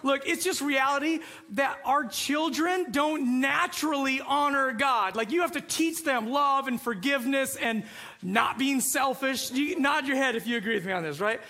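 A man preaching a sermon as a pastor, telling a lively story and acting out the voices in it. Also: very high-pitched, normal speed. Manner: animated storytelling, acts out voices.

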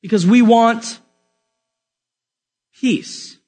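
A man's voice: very high-pitched, very slow, darkish tone. A man preaching a sermon in a casual, joking way, talking straight to his listeners.

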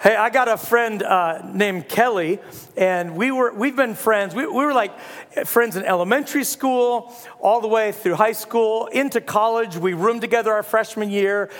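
A pastor in his thirties giving a sermon, telling a funny story with sudden loud bursts. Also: high-pitched, normal speed. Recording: long hall reverb.

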